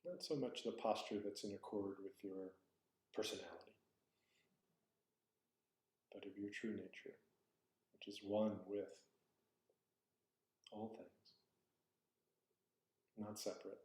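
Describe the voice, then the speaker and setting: A man's voice: lowish voice, fairly even intonation, slow, pauses often, darkish tone. A man giving a dharma talk as a Zen teacher, reflective and searching, often correcting himself aloud. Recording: roomy echo.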